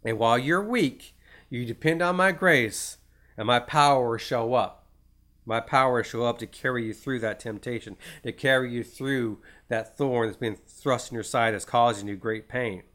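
A man's voice: mid-range voice, normal speed, a bit bright. A man preaching an informal Bible teaching, rambling, repeating words and restarting his sentences.

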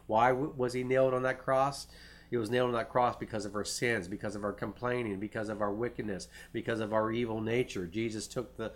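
A middle-aged man with a medium-pitched voice preaches earnestly, often restarting phrases and reading scripture aloud.

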